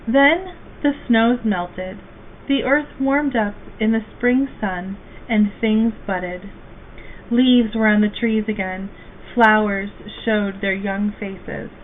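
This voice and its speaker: A woman reading a children's storybook aloud as a guest reader, slow, gentle and expressive. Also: mid-range voice. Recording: tinny phone-like, faint hiss.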